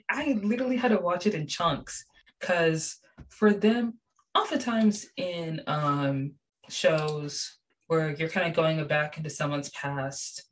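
A young woman with a low, deep-set voice talks through a TV show in casual chat. She gushes and gets animated, piling on fillers as she goes. Her tone stays relaxed and unscripted. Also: slow pace. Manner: animated, gushing, many fillers. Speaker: show reviewer.

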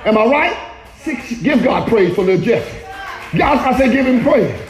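A male pastor preaching a sermon in a church, shouting often and calling for the congregation to respond. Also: very high-pitched, animated, normal speed, reverberant, a faint crowd, poor audio.

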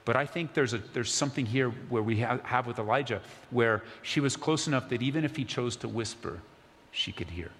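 A man preaching a sermon as pastor, earnest, sometimes dropping to a soft, near-whispered voice. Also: medium pitch, fairly quick. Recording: long hall reverb, faint ambience.

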